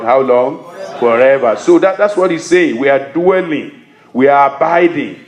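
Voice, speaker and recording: A man's voice: mid-range voice, lively intonation, normal speed, roomy sound. A man preaching a sermon as pastor, reading scripture and asking his congregation questions he answers himself.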